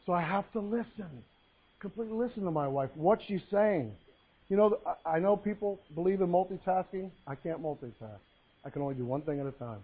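A man with a notably high voice delivers a sermon, mixing folksy joke stories with scripture readings. The sound is thin and narrow, like it was captured over a phone line. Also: brisk, husky. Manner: folksy storytelling with jokes and Bible reading. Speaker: pastor.

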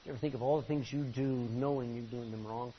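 A male pastor preaching a sermon from the front of a church, impassioned, swinging from loud pleading to low intensity. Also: fairly even intonation, fast. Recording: dull lo-fi recording with faint hiss.

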